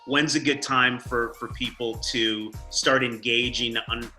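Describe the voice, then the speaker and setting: Guy hosting a zoom interview, really bright sharp voice, halting thoughtful questions. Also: mid-range voice, steady tone, soft background music, poor audio. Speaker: interview host. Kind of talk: casual interview over video call. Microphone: video call.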